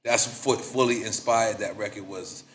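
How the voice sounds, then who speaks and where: A middle-aged man hosting a casual interview, asking emphatic questions in an animated way. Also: on the low side, normal speed, a little hiss or hum. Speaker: podcast host. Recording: roomy studio sound.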